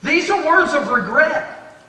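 A man's voice: very high voice, lively intonation, unhurried, bright, forceful tone. A man preaching a fervent sermon, addressing his listeners as dear friend and repeating himself for emphasis. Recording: echoey hall, picked up from a distance.

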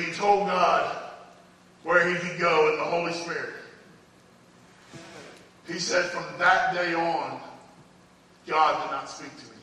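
A man preaching a sermon in a church sanctuary, telling stories emphatically and swinging between loud peaks and hushed passages. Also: sits high. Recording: echoey hall from far off.

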